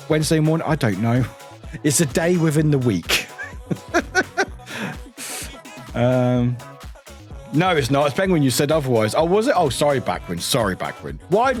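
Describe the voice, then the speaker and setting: Chatty British streamer, young man, greets chat, bouncy intonation over faint music. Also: medium pitch. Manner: chatty, greets viewers, laughs often. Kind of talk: casual live-stream chat.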